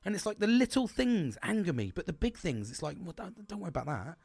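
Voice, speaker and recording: Casual bloke ranting off the cuff, lots of swearing and restarts, slightly high voice. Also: male voice, very animated, fast talker, gravelly, a little mellow, husky, no echo. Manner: rambling, sweary, frequent restarts. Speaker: podcast host. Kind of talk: casual monologue.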